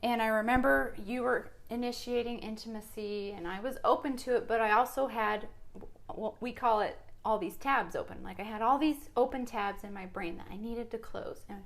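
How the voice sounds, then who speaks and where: Expressive woman co-hosting a podcast. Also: fairly high pitch, normal speed. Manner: expressive storyteller, laughs often. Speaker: podcast co-host. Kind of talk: casual chat.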